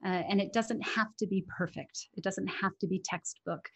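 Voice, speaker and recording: A woman's voice: medium pitch, moderate pace, a bit bright, breathy edge. Earnest woman English coach. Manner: earnest, emphatic, laughs often. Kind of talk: conversational interview.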